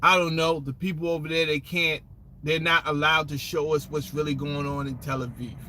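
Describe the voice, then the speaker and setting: A man's voice: fairly high pitch, level tone, brisk, pushed and bright, slight background noise. A man ranting in casual commentary, profane and sarcastic, full of street slang, rambling with restarts and asides. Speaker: political commentator.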